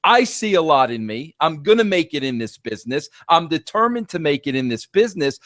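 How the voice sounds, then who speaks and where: A man interviewing a guest, asking long questions in a halting, stumbling way. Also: fairly high pitch, big pitch swings, fairly bright tone, no echo, studio quality.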